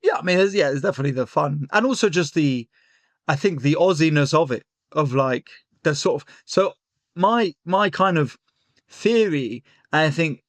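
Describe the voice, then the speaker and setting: A young man tells a story in loose, animated chat, full of fillers and restarts. His voice sits a bit high for a man. The sound is dry and close. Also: normal speed, no room sound. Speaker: comedian guest. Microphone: remote call.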